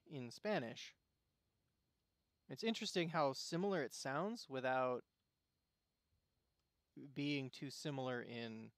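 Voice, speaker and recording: A man from Arizona, chatting casually and musing out loud while playing a game on stream. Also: medium pitch, no room sound. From Arizona, USA. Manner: rambling, musing, self-interrupting. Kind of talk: casual gameplay commentary.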